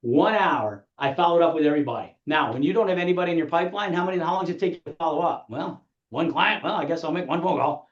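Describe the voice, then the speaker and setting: A man coaching real estate agents in a motivational training talk, firing rhetorical questions at the audience and acting out clients. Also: fairly high pitch. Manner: rapid-fire rhetorical questions, acts out clients. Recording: echoey, dull room sound.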